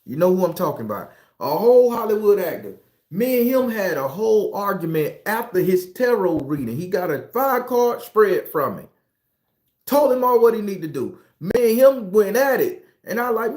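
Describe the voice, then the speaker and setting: A man, a tarot reader, ranting in a casual monologue in a profane, animated, preachy way. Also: sits high, moderate pace, reverberant.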